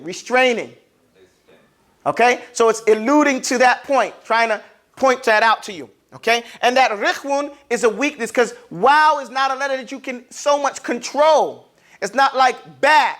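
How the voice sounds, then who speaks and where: A man teaching Arabic letter pronunciation, asking the class to repeat sounds after him and acting out each sound. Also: very high voice. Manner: demonstrates sounds, sometimes loudly.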